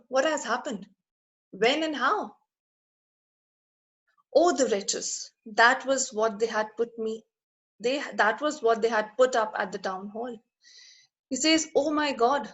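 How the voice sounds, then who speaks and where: A woman's voice: a little high, rough recording. A woman teacher explains a text line by line, repeating and rephrasing each point as she goes.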